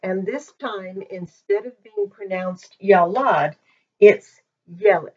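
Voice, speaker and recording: A woman teaching a language lesson in a patient, methodical way, pausing often with ums, recorded on a poor-quality microphone. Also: medium pitch, steady tone. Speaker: Hebrew teacher. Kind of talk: slow explanatory lesson. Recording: dull lo-fi microphone.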